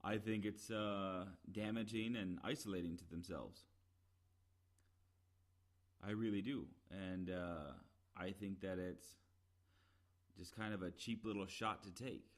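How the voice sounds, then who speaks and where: Lower-voiced man on an exasperated rant. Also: steady tone, unhurried, pauses often. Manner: rambling, frequent "uh" fillers and restarts. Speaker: podcast commentator. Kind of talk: opinionated solo commentary.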